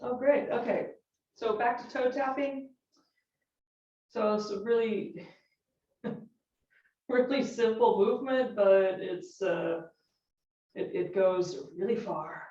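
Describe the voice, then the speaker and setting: A woman teaching a yoga class, calmly cueing each movement and breath while counting repetitions. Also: medium pitch, takes it slowly, pauses often. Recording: roomy, distant, dull-sounding studio recording.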